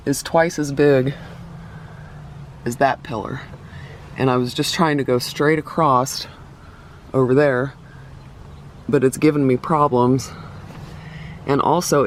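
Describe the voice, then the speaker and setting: A man's voice: mid-range voice, slight background noise. Chatty man giving a breathless build update. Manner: rambling, self-correcting, chatty. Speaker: vlogger. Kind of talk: casual build update to camera. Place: inside a vehicle being built out.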